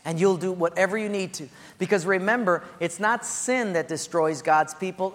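An earnest male pastor delivers a sermon with a slightly high voice, repeating phrases for emphasis. He often sinks soft and low to land a point. The sound carries the long reverb of a church sanctuary. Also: normal speed, hardly any pauses. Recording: echoey hall.

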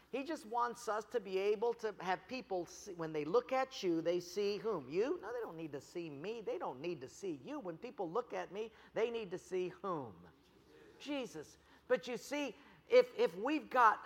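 A man preaching a sermon as pastor, animated, telling stories and putting on voices for the people he quotes. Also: high voice. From United States. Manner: animated storytelling with jokes and acted quotes. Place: church. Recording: long reverb of a church hall.

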